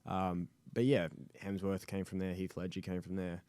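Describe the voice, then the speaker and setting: A man's voice: deep voice, completely flat delivery, normal speed, mellow, no room sound. A young Australian man with an Australian accent, a guest talking casually in an interview with many ums and uhs. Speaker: guest actor.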